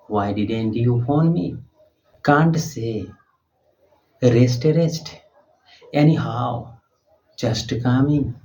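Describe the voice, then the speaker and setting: A man reads short English example sentences one by one, slowly and deliberately, like a teacher drilling a class. The recording is dull and lo-fi, with little brightness. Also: medium pitch. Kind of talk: reading example phrases aloud. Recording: dull lo-fi sound.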